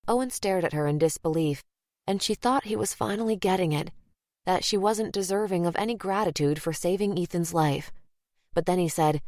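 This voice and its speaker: Woman narrator, audiobook, measured delivery, low voice, dry close sound. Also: darkish tone, no room sound. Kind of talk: scripted narration.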